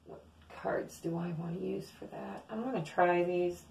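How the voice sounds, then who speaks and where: A woman's voice: on the low side, fairly even intonation, moderate pace, creaky, darkish tone, slight background noise, low-quality recording. A woman giving a casual, rambling daily tarot reading straight to camera, talking in a chatty, intuitive way. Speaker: tarot reader.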